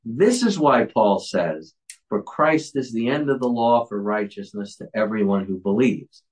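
A man preaching, reading a commentary aloud to his congregation. His pitch moves a lot, swinging up and down as he explains. He tends to stumble and repeat words when starting a thought. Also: lively intonation, a little slow, low-quality recording. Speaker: pastor.

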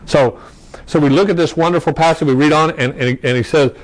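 A man's voice: a little high, a little fast, low-quality recording. A man teaching a Bible study class in a conversational way, asking rhetorical questions, checking in with "okay?", and restarting phrases as he reads verses aloud.

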